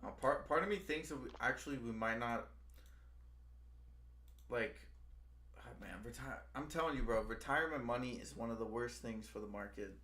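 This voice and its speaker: Hosting a relaxed stream chat, this young man has a mid-range, bright, forceful voice at a normal pace, with frequent pauses. He rambles, keeps saying bro, and often restarts his sentences.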